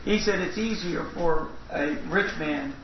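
High-voiced preacher in a roomy hall. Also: male voice. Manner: reads long passages aloud, breaks in with quick questions to the audience. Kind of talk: sermon with scripture reading. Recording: roomy, distant, dull lo-fi sound with faint noise.

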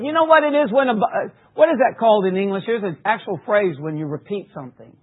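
A man preaching a sermon, reading scripture emphatically and dropping low for asides. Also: animated, fairly quick, few pauses. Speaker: pastor. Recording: tinny phone-like recording.

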